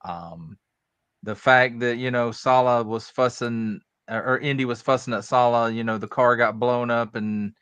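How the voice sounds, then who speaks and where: A man's voice: mid-range voice, moderate pace, a bit bright, clean tone, dry recording. A man giving his casual take on a movie in an easygoing, chatty way. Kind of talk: casual movie review chat.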